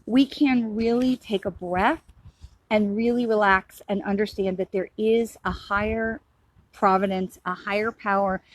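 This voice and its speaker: Middle-aged woman psychic, earnest reassuring ramble, mid-pitched, dry. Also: fairly even intonation, a little slow, no echo. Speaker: psychic medium. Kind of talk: casual spiritual talk to camera.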